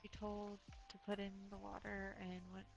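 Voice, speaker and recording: A woman in a live-streamed roleplay who speaks slowly and wearily. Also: medium pitch, completely flat delivery, creaky, muffled recording. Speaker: roleplay player.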